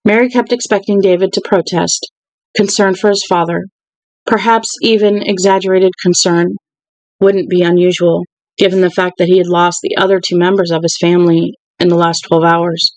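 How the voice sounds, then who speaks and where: An audiobook reader narrating a novel in an even, unhurried way, with a middle pitch. The recording is dry and close, with no room sound. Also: no room sound, low-quality recording. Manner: even, unhurried reading with occasional restarts. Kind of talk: reading a novel aloud.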